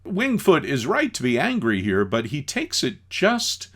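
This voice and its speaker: Man, teacher, class lecture on a film, slow, lively pitch, conversational. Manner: animated, conversational, pointing out scenes.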